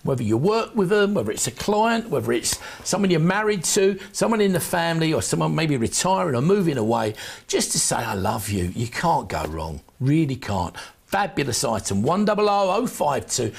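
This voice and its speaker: A man's voice: fairly high pitch, sing-song, fairly quick, vocal fry, slightly rough. A man presenting on a shopping channel, giving chatty, jokey sales patter for signed football shirts. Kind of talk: TV sales pitch.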